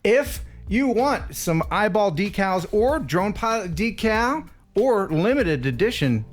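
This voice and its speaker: An American man hosting a casual live stream, playful and quick to laugh as he reads viewer messages. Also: high-pitched, big pitch swings, faint music behind.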